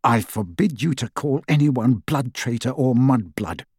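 A man's voice: medium pitch, animated, a little slow, darkish tone, slightly rough, no room sound, studio quality. A man voicing a determined young male wizard who speaks in an urgent, commanding way in an audiobook. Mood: stern. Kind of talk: audiobook character voice.

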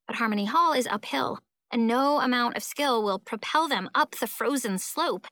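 A woman narrating a children's fantasy audiobook in the first person, lively and expressive. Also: fairly high pitch, moderate pace.

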